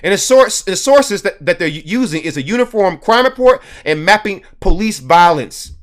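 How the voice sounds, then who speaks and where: Animated high-voiced male commentator. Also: moderate pace. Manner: emphatic, repeats words for stress. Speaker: host.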